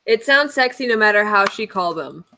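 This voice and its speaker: A woman's voice: mid-range voice, animated, a little fast, background noise. A woman from Georgia, a guest in a casual chat, talking bluntly and playfully and laughing at herself. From Georgia, USA.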